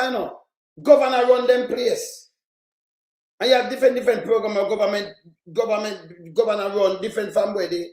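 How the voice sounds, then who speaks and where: A man with a Jamaican accent ranting in heated, crude, repetitive online commentary, shouting at times. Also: sits high. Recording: roomy echo.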